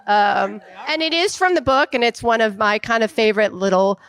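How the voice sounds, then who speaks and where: A woman's voice: a little high, animated, normal speed, fairly bright tone, clean tone. A woman speaking as an executive producer on a panel, chatting casually and hesitating often as she searches for her words.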